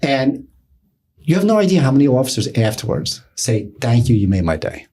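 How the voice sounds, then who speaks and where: A middle-aged man, telling a story as a podcast guest, animated and acting out other people's lines. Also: mid-range voice, fairly quick, breathy edge. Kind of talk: storytelling in casual talk.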